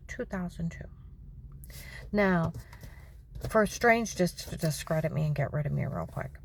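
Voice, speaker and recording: A woman vents in a rambling, indignant personal monologue. Her voice is low and gravelly, and she often sinks to a whisper. Faint background noise runs under the recording. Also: darkish tone. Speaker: vlogger.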